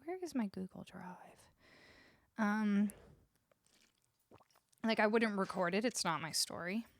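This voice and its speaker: With a gravelly, medium-pitched voice at a measured pace, a Canadian woman musician chats casually with her home livestream viewers between songs. She coos at her dog while speaking close to a studio vocal mic.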